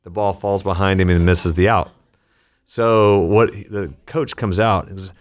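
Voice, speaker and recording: A man with a low voice, interviewed as a leadership author. He tells stories animatedly, speeding up in bursts and acting out the people in them. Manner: animated storyteller, talks in quick bursts. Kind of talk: podcast interview conversation.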